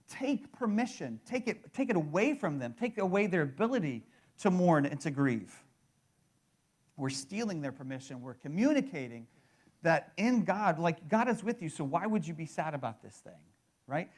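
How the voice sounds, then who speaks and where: A man in his thirties preaching a sermon in a conversational way, often restarting and checking in with the listeners. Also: high-pitched. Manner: conversational, repeats words and restarts, fills with "right?". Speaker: pastor.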